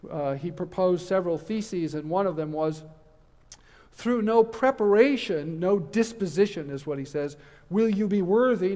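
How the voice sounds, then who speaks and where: A middle-aged man gives a conference lecture, earnest and emphatic with the occasional wry aside. His slightly high, a little mellow voice rings through the long reverb of a church hall.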